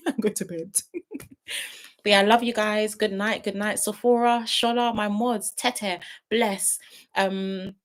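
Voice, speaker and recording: A young woman streaming live late at night, praying earnestly and then thanking her viewers, close to tears and repeating herself. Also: mid-range voice. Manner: earnest and heartfelt, repeating phrases. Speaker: YouTube reality-show reviewer.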